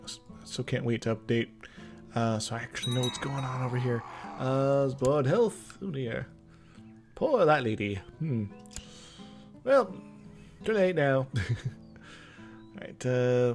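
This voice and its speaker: Rambling young man with animated pitch. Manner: rambling, mumbling, chuckling, humming to himself. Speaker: gameplay commentator. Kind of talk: casual let's-play commentary. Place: indoor room with loud trucks outside.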